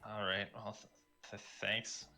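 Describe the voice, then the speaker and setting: A man's voice: lowish voice, flat delivery, takes it slowly, sharp tone, soft background music. A man playing a tabletop game in character, giving hesitant, wary replies. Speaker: player.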